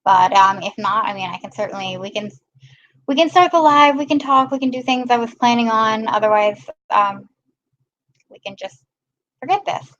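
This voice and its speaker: A chatty woman hosts a casual live stream and greets her viewers one by one. Her voice sits a little high. The audio is dull and lo-fi. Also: moderate pace, fairly bright tone. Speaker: live-stream host filling in.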